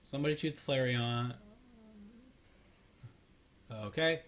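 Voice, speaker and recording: A man chatting through his own gameplay at a middle pitch. He rambles, corrects himself mid-sentence and fills the gaps with ums and uhs, all in an easy, casual tone. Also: takes it slowly, a bit bright. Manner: rambling, self-correcting, many fillers. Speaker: let's play host.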